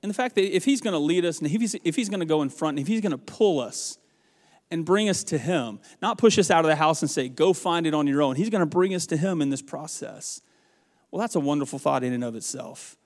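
A man delivers a sermon in a homespun, storytelling way, now dropping low and soft, now building to loud emphatic bursts. His voice sits a little on the high side. The sound rings on in a large, reverberant hall. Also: animated, a little fast. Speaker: pastor.

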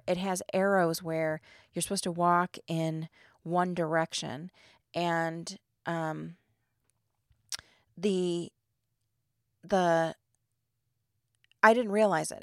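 A middle-aged woman tells stories on her podcast, animated and exasperated, leaning on "like" and "um". Her voice has a gravelly, fry-tinged texture. She is recorded close on a mic in a dry, dead room. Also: lowish voice, dry recording. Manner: animated, exasperated retelling with many fillers. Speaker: podcast host. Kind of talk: casual storytelling monologue.

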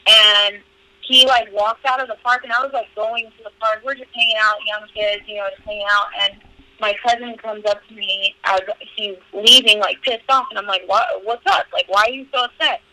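A young woman talks through stories on a podcast, candid and profane, with "like" in every other phrase. Her voice is very bright and forward. The sound is dry and close, with no room in it. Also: mid-range voice, fairly even intonation, moderate pace, dry recording, low-quality recording. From California. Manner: candid, profane, lots of "like" fillers. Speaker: podcast guest. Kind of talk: casual storytelling interview.

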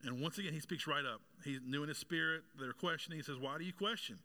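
Pastor guy preaching, bright punchy voice, asks the crowd questions, cracks jokes. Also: on the high side, steady tone, fast. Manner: preaching with rising intensity, asking the congregation questions; joking aside with congregation members. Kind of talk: sermon.

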